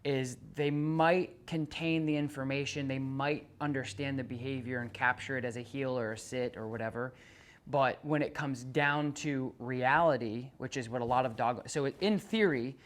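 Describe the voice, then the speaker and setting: A man's voice: mid-range voice, a bit bright. A man working as a dog trainer, explaining to a client in an earnest way, often restarting his sentences and acting out what the dog and owner say.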